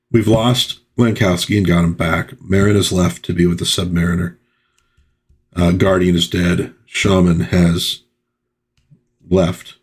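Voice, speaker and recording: A man with a low, deep voice talks through an old comic issue in a loose, easygoing review. He has a husky grain. He rambles with plenty of fillers and reads the dialogue aloud. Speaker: pop culture channel host. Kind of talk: casual comic book review.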